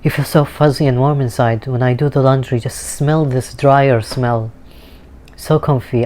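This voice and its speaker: A man's voice: mid-range voice, steady tone, moderate pace, a little mellow, slight background noise. A man vlogging a candid, emotional personal monologue, earnest and sometimes swearing, recorded outdoors in a city. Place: outdoors in a city with street music nearby.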